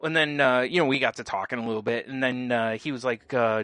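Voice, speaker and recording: A man's voice: medium pitch, fast, few pauses, fairly bright tone, no echo. A man co-hosting a casual podcast, telling stories in a laid-back way and laughing often. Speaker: podcast co-host. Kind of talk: casual chat.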